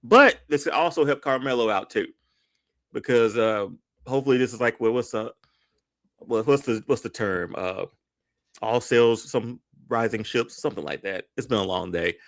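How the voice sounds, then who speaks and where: A man's voice: mid-range voice, normal speed, no room sound, clean studio sound. A man co-hosting a podcast, chatting casually and rambling a little as he searches for words. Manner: relaxed, rambling, repeats words while searching for phrases. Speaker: podcast co-host. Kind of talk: casual wrestling chat.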